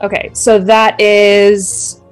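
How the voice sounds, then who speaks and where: A woman player at a tabletop game, answering in brisk, short bursts. Faint music sits in the background. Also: mid-range voice, flat delivery, smooth. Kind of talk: casual game talk.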